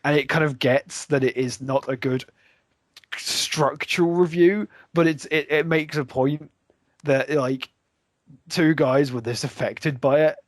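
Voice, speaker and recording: A man's voice: fairly high pitch, fairly even intonation, unhurried. A man co-hosting a casual podcast, joking and crude with dry banter. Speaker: podcast co-host. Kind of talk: casual chat.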